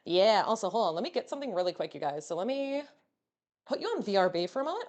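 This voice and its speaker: A woman streamer chatting casually with her live audience while she cooks. Her pitch swings widely and she sounds playful and animated. She keeps slipping in easygoing fillers as she talks. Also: quick pace. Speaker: VTuber streamer. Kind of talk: casual livestream chat while cooking.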